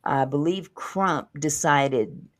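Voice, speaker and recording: A woman telling a story in casual chat, animated and laughing as she talks. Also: deep voice, takes it slowly.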